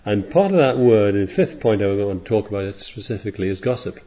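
Preacher, male: low mellow voice, rambling digressive sermon delivery, dull lo-fi recording. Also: expressive, fast. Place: congregation in California.

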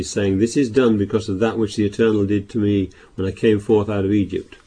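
A male preacher with a low, mellow voice and a slightly husky edge. He gives a sermon, raising his voice to read scripture and then dropping back to explain it with halting restarts. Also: flat delivery. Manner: reads scripture aloud louder, with halting restarts.

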